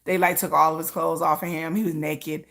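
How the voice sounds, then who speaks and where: A woman's voice: sits low, a little fast, gravelly. A woman hosting a comedic commentary, telling a story with acted-out screams and frequent laughter. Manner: animated storytelling, acts out shouts and screams, laughs often. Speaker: commentary host.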